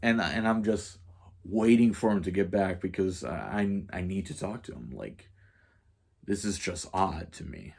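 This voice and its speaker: A man tells a story as a casual vlog rant, his voice sitting a little low. He swears freely and loses his thread often, restarting sentences and leaning on fillers. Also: measured pace, creaky, a little mellow, husky. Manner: profane, rambling, frequent fillers and restarts. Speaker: vlogger.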